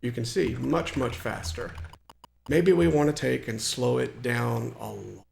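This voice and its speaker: Man with a creaky mid voice, hobbyist tutorial host, talks through settings, fills with restarts. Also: medium pitch, steady tone, unhurried, a little mellow, slight background noise. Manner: explanatory, with frequent fillers and restarts. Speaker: hobbyist programmer demonstrating software. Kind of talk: screen-recorded tutorial walkthrough.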